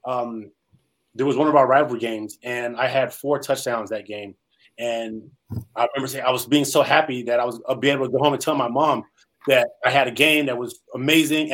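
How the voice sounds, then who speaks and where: Fast-talking man telling his life story. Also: medium pitch, a bit bright, rough recording. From Salinas, California. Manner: earnest, rambling, many fillers and restarts. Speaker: former pro football player, guest. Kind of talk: personal storytelling in an interview.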